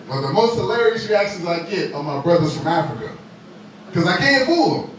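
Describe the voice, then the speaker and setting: A male stand-up comedian in a club, playful and teasing as he works the crowd. His voice rises and falls a lot. The room is echoey, the mic sits at a distance, and crowd noise is clear behind him. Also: sits high, animated, a little fast. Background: audience laughter.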